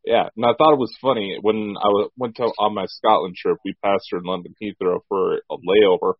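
A young American man in his twenties with a lowish voice drops quick, crude jokes into the conversation. The recording is muffled and lo-fi, with a dry sound. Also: steady tone, no room sound. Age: 20s. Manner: quick joking asides, crude humor. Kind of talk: casual chat. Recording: dull lo-fi sound.

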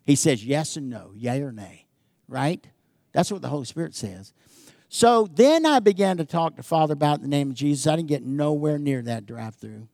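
A man preaching a sermon as pastor, swinging from loud emphatic calls to hushed, slow, intimate talk and asking his congregation "amen?". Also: mid-range voice, creaky, no echo, studio quality.

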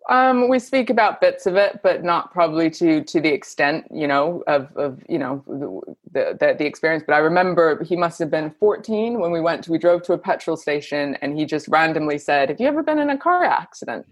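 A woman's voice: deep voice, moderate pace, hardly any pauses, no room sound. A woman who works as a coach and therapist, speaking candidly and expressively as a podcast guest. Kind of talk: candid conversational interview.

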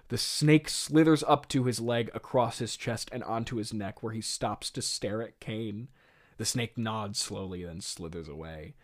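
A man hosting a podcast, talking in a rambling, laughing way full of fillers. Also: lowish voice. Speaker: podcast host. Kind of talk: casual comedic commentary.

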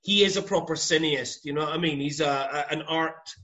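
A man's voice: fairly high pitch, a little fast. Man rambling on a lo-fi podcast. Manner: relaxed, rambling. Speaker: podcast co-host. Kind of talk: casual podcast chat. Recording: dull lo-fi sound.

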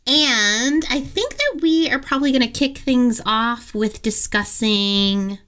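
A woman co-hosting a casual podcast, enthusiastic and quick to laugh. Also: on the high side, lively intonation, a bit bright. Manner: giggly, enthusiastic, exclamatory. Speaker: podcast co-host.

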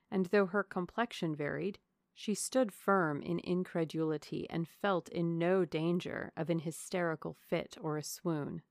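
Low, gravelly woman narrating a novel. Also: no room sound, clean studio sound. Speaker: audiobook narrator. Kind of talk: reading a classic novel aloud.

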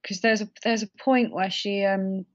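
A woman's voice: mid-range voice, fairly even intonation, normal speed, lo-fi sound, crowd noise. A woman co-hosting a casual film discussion, rambling a bit with fillers and restarts.

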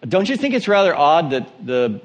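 A man with a slight Southern twang preaches a sermon in a somewhat high voice. He reads scripture aloud and then expounds on it emphatically, putting questions straight to his listeners. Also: very animated, moderate pace. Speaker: pastor.

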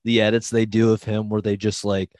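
A man's voice: on the low side, little pitch movement, a little fast, darkish tone, dry recording, clean studio sound. A young man hosting a podcast in casual chat, rambling and laughing, with crude language. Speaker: podcast host.

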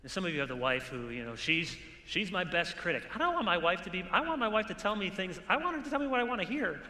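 A man's voice: sits high, very animated, fast talker, pushed and bright. A man preaching an earnest, exhorting conference sermon with touches of dry humor, recorded in a large hall with an audience. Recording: echoey hall with long reverb.

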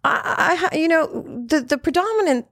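A woman in her fifties hosts a podcast in a very high, somewhat bright, expressive voice at a moderate pace. The studio-quality recording has no echo. Her candid conversational chat is frank, animated, and full of swearing.

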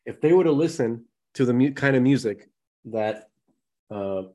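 Podcast guy, casual chat, rambly, lots of you knows, average pitch. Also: lively intonation, normal speed, dark tone. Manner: rambling, many restarts and "you know"s. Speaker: podcast co-host. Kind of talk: casual conversation.

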